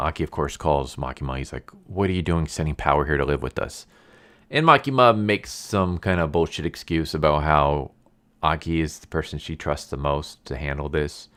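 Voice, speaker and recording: Low-voiced man casually reviewing anime. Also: clear, resonant tone. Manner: chatty and rambling, heavy use of "like"; animated, easily amused. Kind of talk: casual episode recap and review.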